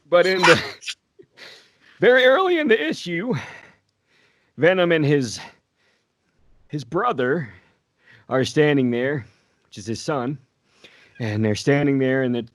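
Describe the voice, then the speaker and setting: As a guest on a casual podcast, a man puts on a slow-talking old man voice, a little high with lively intonation, and tells a story with long pauses. He laughs through his own storytelling, and there's no room sound.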